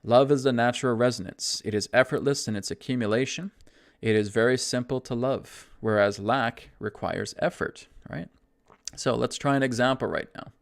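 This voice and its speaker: A man teaching a spiritual self-help lesson, guiding breathing in a slow, soothing way and often checking in with "right?". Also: mid-range voice, vocal fry. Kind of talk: guided self-help talk.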